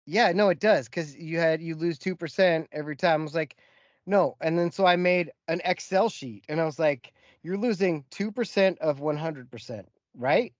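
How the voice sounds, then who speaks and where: Male podcast co-host, animated storyteller, slightly high voice, dry lo-fi sound. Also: normal speed, no room sound. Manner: animated storyteller, acts out quotes. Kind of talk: casual storytelling chat.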